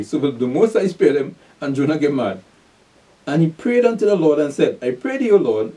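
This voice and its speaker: A man preaching a sermon, reading scripture verses aloud and explaining them, breaking in often to tell listeners to pay attention and rising sharply in pitch and volume to stress points. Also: dark tone. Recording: voice from a distance from the mic.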